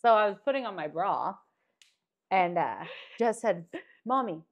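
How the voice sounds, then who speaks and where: A woman co-hosting a podcast in casual chat, chatty, quick to laugh and to answer back. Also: mid-range voice, animated. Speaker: podcast co-host. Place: indoor podcast room.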